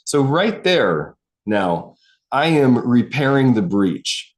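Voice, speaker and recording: Guy doing a casual coaching livestream, rambly and chatty, mid pitch, computer mic. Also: big pitch swings, slow. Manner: loose, conversational, self-interrupting, chatty asides. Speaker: executive coach hosting a live stream. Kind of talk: casual live-streamed talk.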